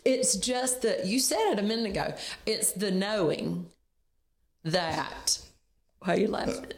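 A woman's voice: mid-range voice, lively intonation, measured pace, roomy sound. A woman co-hosting a candid marriage podcast, talking earnestly, laughing easily and often restarting her sentences. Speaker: podcast co-host. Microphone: on camera.

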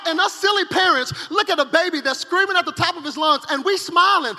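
A male pastor preaching a dramatic sermon at a conference, swinging between loud acted cries and hushed, intense passages. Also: very high-pitched, brisk, few pauses. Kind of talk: energetic sermon. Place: large conference hall. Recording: live sermon with hall reverb and faint music.

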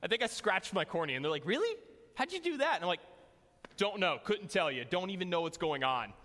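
A man's voice: on the high side, animated, quick pace, bright, forceful tone. A young man preaching a sermon in a casual, joking way, telling a personal story to his church. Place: church hall. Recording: long hall reverb.

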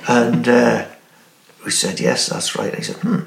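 A middle-aged man spins a long anecdote, breaking into laughter and starting over as he goes. His voice has a gravelly edge. The recording sounds roomy and echoey. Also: medium pitch, steady tone, measured pace. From Newcastle, England. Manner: storytelling with frequent laughs and restarts. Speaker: podcast guest. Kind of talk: casual anecdote telling.

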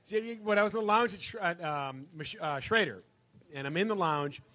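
A man guest telling a rambling anecdote to a live audience, halting and full of ums, yet animated. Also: high voice.

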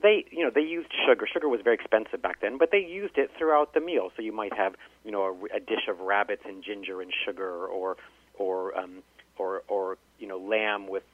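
A man's voice: on the low side, a little fast, dry recording. A man, an author and linguist, storytelling in a phone-in interview with many restarts. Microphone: telephone. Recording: tinny phone line.

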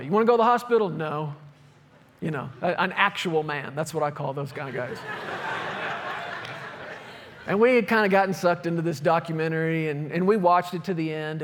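Male pastor, sermon, high voice, long hall reverb, storytelling, reads scripture. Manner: storytelling, animated with laughs and scripture reading.

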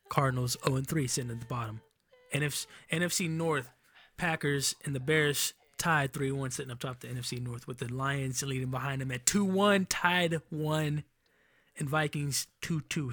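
This young podcast host from Enumclaw, Washington, talks through sports standings in a loose, profane ramble, fixing his own mistakes as he goes. His voice is medium in pitch with a fairly bright tone, and the recording is dry.

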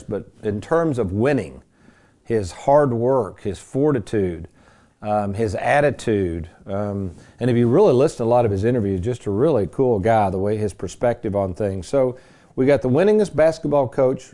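Man, radio talk show host, folksy and joking, rambling delivery, relaxed dark tone, studio mic. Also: mid-range voice. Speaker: radio host and retirement planner. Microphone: studio microphone.

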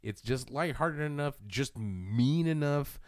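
A man in a casual podcast chat, riffing in an animated, profane way. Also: mid-range voice, slow pace.

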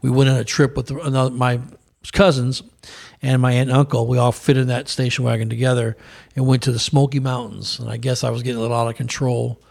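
A man in his fifties with a gravelly, creaky edge to his voice tells stories on himself with easy humor. He also quotes scripture in a relaxed, conversational way at a medium pitch. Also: fast talker. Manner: self-deprecating, chuckling storyteller. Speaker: co-host of a Christian talk show. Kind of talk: casual storytelling and scripture commentary.

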